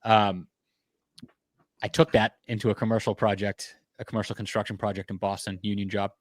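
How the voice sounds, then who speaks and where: Low-voiced man hosting a podcast, dry close mic. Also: brisk, no room sound. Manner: animated storyteller, swears casually, laughs at own stories. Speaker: podcast host, general contractor. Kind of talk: casual interview chat, storytelling.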